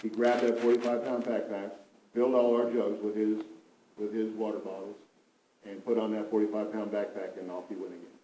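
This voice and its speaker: A man recounting a mission trip story to a group, with animated, emphatic storytelling that often repeats itself. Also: lowish voice, a little fast, slight background noise. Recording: roomy, from a distance.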